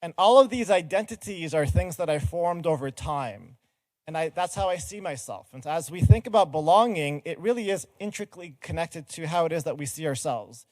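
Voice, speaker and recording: A man's voice: a little high, expressive, brisk, darkish tone, no room sound. A middle-aged man giving an earnest, explanatory talk from a conference stage and engaging the audience directly. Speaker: conference speaker.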